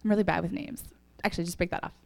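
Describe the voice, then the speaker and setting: A woman's voice: fairly low pitch, racing, creaky, darkish tone. A young woman giving a casual testimony to a church audience, telling stories chattily with laughs and fillers, a little sniffly. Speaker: church speaker.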